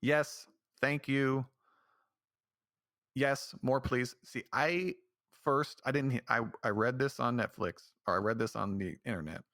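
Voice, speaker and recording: A man's voice: mid-range voice, a little slow, fairly bright tone, dry recording, clean studio sound. Rambling, ranting male podcast host. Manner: rambling, ranting, many restarts. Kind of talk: casual solo commentary.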